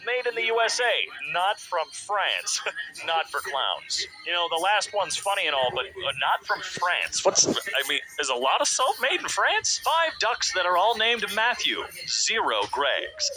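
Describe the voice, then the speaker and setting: A man's voice: sits high, wildly swooping pitch, normal speed, background noise. A man reading out memes and headlines with sarcastic, wry asides as comedic commentary.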